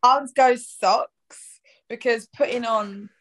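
A woman guest musician from London, chatting in a relaxed, wry way during a casual interview. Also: on the high side, takes it slowly, rough recording. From London, England.

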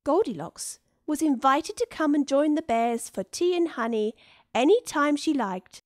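Lively slow woman storyteller. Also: high-pitched, dry recording. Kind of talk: children's story narration. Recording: dry studio with soft music.

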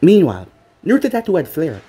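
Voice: mid-range voice, fast, breathy edge. A storyteller reading a fan-made anime story aloud, acting out each character. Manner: animated, acts out the characters. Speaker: channel storyteller.

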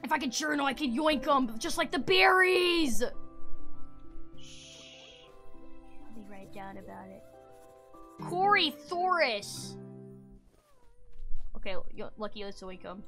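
Excitable high-voiced woman streamer. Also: slow, pauses often, soft background music. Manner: excitable, swings between loud squeals and mutters. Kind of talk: casual gameplay commentary.

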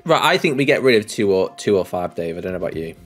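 A man's voice: low-pitched, big pitch swings, quick pace, fairly bright tone, soft background music. A man co-hosting a casual quiz show, teasing and swearing in disbelief. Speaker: co-host. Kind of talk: casual game-show banter.

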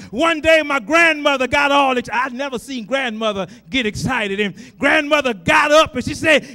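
A middle-aged man preaching a sermon in a church, building from talk to shouted cries and repeating phrases for emphasis. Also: very high voice, fairly quick, few pauses.

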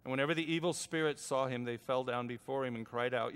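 Older preacher telling a story in a hall. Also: male voice, medium pitch, fast, clean tone. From United States. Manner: dramatic, swinging between hushed and loud. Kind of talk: narrative sermon storytelling.

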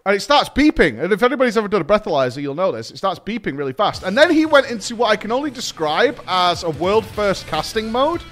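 A British man in his thirties hosting a podcast, telling a story in a casual, animated way and swearing freely. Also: sits high, quick pace, few pauses. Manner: animated, swears, laughs while telling stories. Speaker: podcast host.

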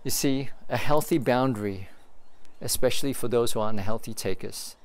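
A man's voice: mid-range voice, normal speed. A man in his thirties, a pastor preaching a sermon in an earnest, confessional way with rhetorical questions.

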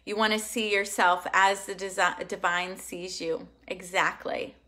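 A young woman hosting an online manifesting workshop, talking in an emphatic, excitable and casual way, swearing now and then. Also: mid-range voice, measured pace. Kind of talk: live online workshop teaching.

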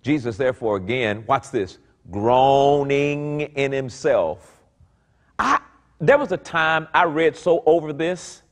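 A middle-aged pastor preaching a sermon, reading scripture aloud and commenting on it, swinging between low murmurs and high exclaims. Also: male voice, lively intonation, moderate pace, a bit bright.

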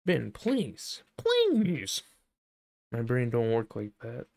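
A young man talks over his live game stream in a lively, swooping voice that jumps up and down in pitch. He rambles, curses and bursts out in sudden shouts, and his pace stays slow and drawn out. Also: vocal fry. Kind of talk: casual let's-play commentary. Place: home streaming setup.

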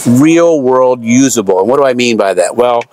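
A man's voice: mid-range voice, animated, normal speed, background noise. An enthusiastic man giving a casual, chatty sales walkaround of a car in a showroom, with lots of fillers.

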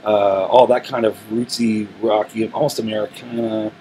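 A male musician gives a casual interview in a recording studio, telling relaxed, rambling stories and restarting often. His voice sits lowish and moves at normal speed. The recording is rough, with a little hiss or hum.

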